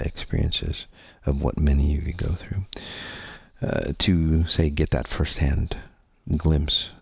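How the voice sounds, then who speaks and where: A man's voice: extremely low pitch, creaky, darkish tone, slightly rough, dry recording. A man hosting his own podcast, telling a personal story in a candid, meandering way, swearing freely and using many fillers. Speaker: podcast host.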